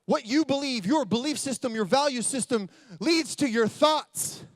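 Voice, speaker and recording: Male keynote speaker, high-pitched and excitable, dry close mic, storytelling that ramps up to big energy. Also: normal speed, dry recording. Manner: builds to loud excited storytelling. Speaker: motivational speaker. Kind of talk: motivational keynote speech. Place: convention stage.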